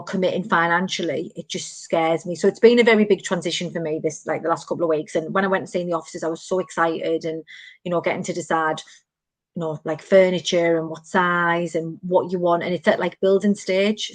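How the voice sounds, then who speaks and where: A woman's voice: on the low side, quick pace, no echo. A woman, telling stories animatedly in casual chat as podcast host. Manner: animated storytelling, many fillers.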